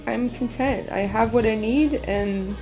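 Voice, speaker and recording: A woman's voice: on the high side, measured pace, over music. A young woman streamer chatting candidly and emotionally with her viewers as she paints. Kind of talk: casual livestream chat.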